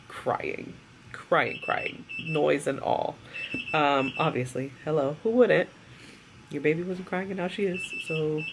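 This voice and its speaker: A woman's voice: low-pitched, creaky, noisy background. A young woman vlogger, tired after surgery, telling a story in a chatty, rambling way with lots of fillers. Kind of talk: casual storytelling vlog.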